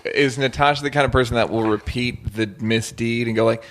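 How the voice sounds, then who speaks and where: A man's voice: medium pitch, steady tone, brisk, a bit bright. A man with a mid-range voice co-hosts a podcast. His jokes come as short, dry interruptions, and he teases the storyteller between the lines. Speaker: podcast co-host. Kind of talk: casual comedic chat.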